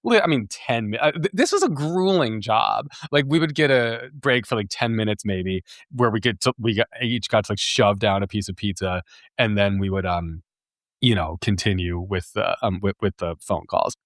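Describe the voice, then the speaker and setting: A man's voice: lowish voice, moderate pace, dry recording. Podcast host, man in his thirties, casual confessional storytelling, self-deprecating laughs, dry untreated sound. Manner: rambling, frequent fillers and restarts, laughs at himself. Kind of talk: candid personal storytelling.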